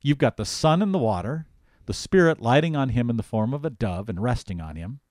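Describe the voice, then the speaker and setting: A man's voice: medium pitch, lively intonation, brisk, darkish tone, dry recording, studio quality. A male pastor teaching the Bible in casual conversation, talking emphatically and animatedly, often restarting his sentences.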